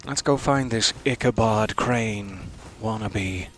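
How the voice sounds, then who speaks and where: A man's voice: medium pitch, expressive, measured pace, fairly bright tone, a little hiss or hum. A man giving live gameplay commentary, wry and musing, chatting to the enemies he fights. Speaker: streamer playing a video game.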